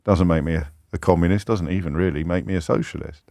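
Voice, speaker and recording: A man hosting a talk radio phone-in, speaking in an animated, indignant way and firing off rhetorical questions. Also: low voice, fast, no room sound, clean studio sound. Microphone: studio microphone.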